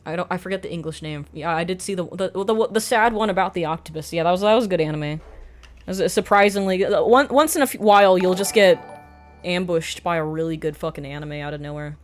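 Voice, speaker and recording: A woman in her thirties chats casually with her live-stream viewers in a slightly low voice. She swears freely and now and then jumps into loud, excited greetings. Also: fast, faint music behind.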